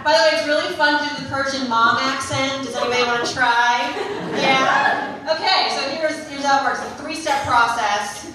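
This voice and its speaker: High-voiced woman doing stand-up in an echoey club. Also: brisk, few pauses, background noise. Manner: playful, bantering with the crowd. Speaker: stand-up comedian. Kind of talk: stand-up comedy set. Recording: echoey club stage from far off, loud crowd.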